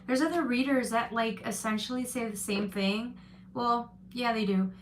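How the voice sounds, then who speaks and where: A woman's voice: fairly high pitch, moderate pace, a little hiss or hum. A woman giving a live-stream tarot reading, chatting loosely and reading out viewer comments with frequent restarts. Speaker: tarot reader.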